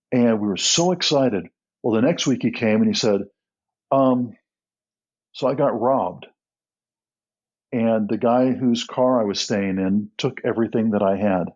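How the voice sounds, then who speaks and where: Middle-aged male guest, husky, earnest storyteller who restarts often, dull lo-fi sound. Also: mid-range voice. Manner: earnest, with frequent restarts and soft laughs. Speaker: guest, nonprofit co-founder. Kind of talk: storytelling in a podcast interview.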